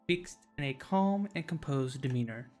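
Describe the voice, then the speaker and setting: A man streaming a visual novel, reading its narration aloud at a mid pitch in a relaxed, casual way. He often restarts phrases and stumbles over words as he reads. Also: moderate pace, faint music behind.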